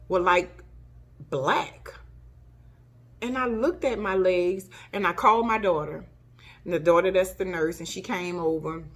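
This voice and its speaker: Middle-aged woman vlogger, slow, emotional storytelling to camera. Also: fairly low pitch, fairly bright tone. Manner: emotional, retelling with reenacted gasps and cries.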